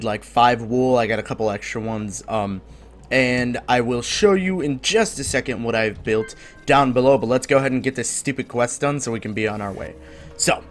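A man hosting a gaming video, chatting casually and rambling upbeat, with the odd swear. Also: mid-range voice. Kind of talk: casual gameplay commentary.

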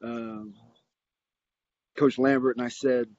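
A middle-aged man spins a long, animated anecdote, full of "um"s and restarts as he goes. His voice comes across dry and close, but a little dull and lo-fi, like a remote interview call. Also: on the high side, a little slow, no echo. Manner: rambling, animated anecdote with many fillers and restarts. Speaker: interview guest, football coach. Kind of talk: casual storytelling.

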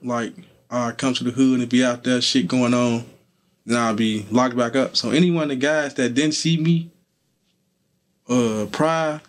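With a medium pitch, fairly even intonation and a measured pace, a young man answers questions as an interview guest. The conversation is casual street talk, and he keeps it laid-back, leaning on fillers like "you feel me."

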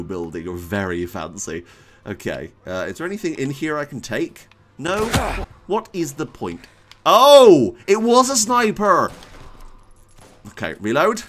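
Let's-play streamer, wild pitch swings, flips from mumbles to shouts, desk mic. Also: moderate pace, slight background noise. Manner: excitable, swings from muttering to yelling. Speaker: gaming YouTuber.

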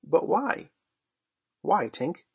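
A man's voice: on the high side, very animated, drawn-out words, creaky, husky, dry recording, voice pushed up, full character voice. A man reading aloud voices a cocky, sly boy who never grows up, speaking in a coaxing, wheedling way. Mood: eager.

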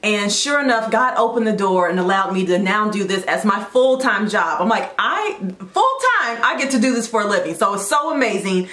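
A woman's voice: mid-range voice, brisk, hardly any pauses, fairly bright tone, echoey room. A woman in her late thirties hosting a faith talk show, chatty and encouraging, with side notes as she goes. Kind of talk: casual devotional talk.

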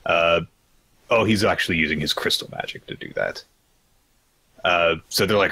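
Low-voiced, forceful male podcast host. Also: moderate pace, husky, no room sound. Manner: rambling, lots of fillers, exasperated asides. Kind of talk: casual chat recapping manga.

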